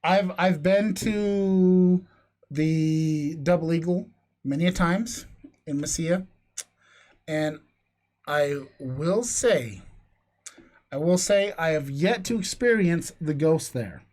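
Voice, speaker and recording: A man on a podcast reading a ghost story aloud in a hushed, suspense-building way, stumbling over words now and then. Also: a little high, slow pace, long pauses. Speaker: podcast co-host. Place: near Las Cruces, New Mexico.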